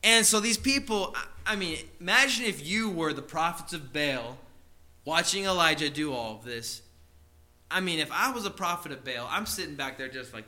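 A man's voice: fairly high pitch, animated, moderate pace, pushed and bright. A male preacher retelling a scripture story in a conversational sermon, with frequent asides to his listeners.

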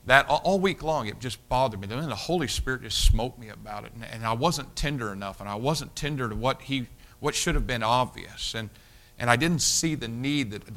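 With a medium-pitched voice, a preacher spins a folksy tale from the pulpit. He repeats his phrases and swings between loud, forceful emphasis and soft, hushed delivery.

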